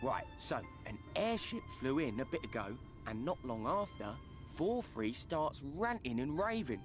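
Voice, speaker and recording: A man's voice: medium pitch, very animated, measured pace, over music. An actor playing a streetwise male informant with a Cockney accent, chatty and full of slang. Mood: wry.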